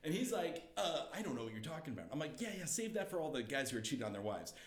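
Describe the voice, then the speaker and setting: A young man telling a story as a guest, lively and laughing, acting out the quotes. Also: on the high side, racing, echoey room. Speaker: comedian guest. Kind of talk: animated storytelling.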